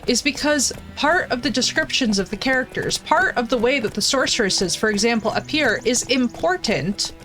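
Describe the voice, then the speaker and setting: Woman streamer, casual livestream rant, swears a lot, emphatic, slightly high voice, faint music behind. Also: moderate pace, hardly any pauses. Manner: animated, profane, emphatic. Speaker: game streamer.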